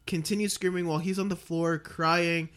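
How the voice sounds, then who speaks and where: A young man co-hosting a podcast in casual chat, halting and full of fillers. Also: a little high, level tone, a bit bright. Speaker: podcast co-host.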